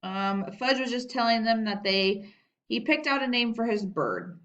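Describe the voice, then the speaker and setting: A woman's voice: a little high, big pitch swings, normal speed, fairly bright tone. Woman reading a storybook from afar. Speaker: reader. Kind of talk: reading a children's book aloud. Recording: dull distant lo-fi recording.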